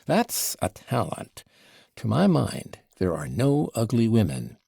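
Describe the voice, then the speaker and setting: A man's voice: mid-range voice, wildly swooping pitch, takes it slowly, gravelly, warm tone, slightly rough, no room sound, studio quality, heavily acted. A man reading the part of a drunken, quarrelsome old father who rambles, wheedles and taunts, in an audiobook. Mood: boastful rambling.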